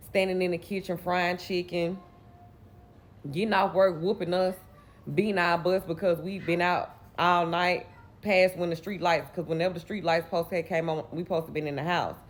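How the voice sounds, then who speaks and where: A woman's voice: lowish voice, a little hiss or hum. Candid Southern woman telling her story. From Mississippi, US. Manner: candid, rambling, conversational. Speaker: vlogger. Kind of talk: personal storytelling.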